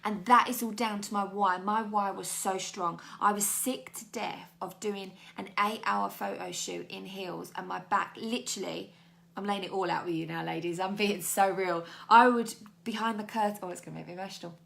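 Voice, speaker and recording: British woman, young, life coach, candid motivational chat, gravelly edge, mid pitch. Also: steady tone, moderate pace, a bit bright. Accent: British English. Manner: candid and chatty, addressing viewers as ladies. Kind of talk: motivational talk to camera.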